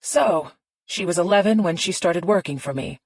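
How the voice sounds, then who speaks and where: A woman's voice: lowish voice, normal speed, a little mellow, no echo. A woman voicing a cold, blunt wealthy older woman who speaks in short, clipped phrases in an audiobook. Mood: curt.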